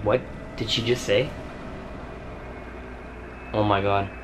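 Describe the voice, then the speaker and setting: A man's voice: fairly low pitch, steady tone, slow, noisy background. A young man vlogging to his viewers, panicky and exclaiming often. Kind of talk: casual scared vlog. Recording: music playing underneath.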